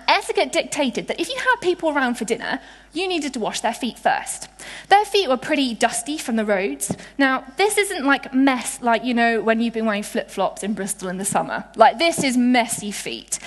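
A young woman from England giving a sermon, chatty and playful, with lively asides and storytelling. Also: on the high side. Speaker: preacher. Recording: reverberant hall.

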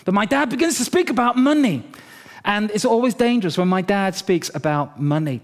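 A middle-aged man preaching a sermon as pastor, telling a story in a lively, humorous way. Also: high voice, fairly quick.

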